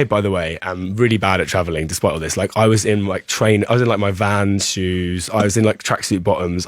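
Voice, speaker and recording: A man's voice: deep voice, no room sound. A man guesting on a podcast, telling a long story in a casual, rambling way full of fillers and restarts. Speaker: musician guest.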